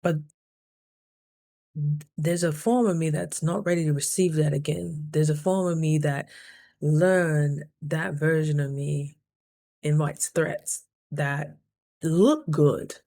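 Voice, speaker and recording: A woman's voice: low voice, fairly even intonation, takes it slowly, vocal fry, long pauses, dark tone, no room sound. A woman talking through a casual diary vlog, earnest and reflective, sometimes close to tears. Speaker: vlogger.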